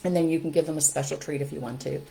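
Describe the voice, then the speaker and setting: A middle-aged woman talks straight to the camera, upbeat and practical, checking in with her listeners as she goes. Her voice sits a little on the low side. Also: steady tone, racing, vocal fry, warm tone, poor audio. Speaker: host. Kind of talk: casual how-to talk to camera.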